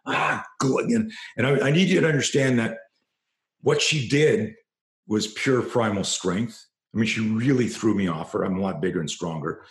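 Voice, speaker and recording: A man's voice: lowish voice, moderate pace, echoey room. A man, a self-defense instructor, telling a story as an interview guest, passionate and profane, often restarting his sentences.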